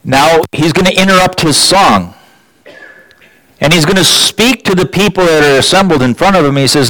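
A man preaching a sermon, building emphasis with sudden rises in pitch and repeating words as he restarts his phrases. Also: expressive, moderate pace, bright, forceful tone, no echo, poor audio.

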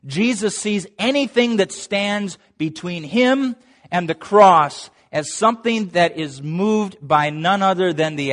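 A middle-aged man preaching a sermon, lively and dramatic, acting out quoted lines with big rises and falls in his voice. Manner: animated, acts out quoted voices with big pitch swings.

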